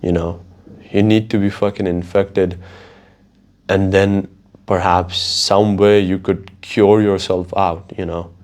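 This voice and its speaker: A man's voice: low voice, takes it slowly. A man hosting a podcast, talking casually on his own in a profane, rambling way. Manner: profane, rambling, animated storytelling. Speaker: podcast host. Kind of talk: casual solo monologue.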